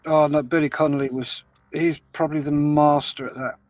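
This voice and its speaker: Casual stream host: a man with a higher-pitched voice, dry and close, easygoing and chatty. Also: flat delivery, brisk, no echo, faint music behind, low-quality recording. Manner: chatty, reads out viewer comments, laughs easily. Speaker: livestream host reading chat. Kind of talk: casual chat.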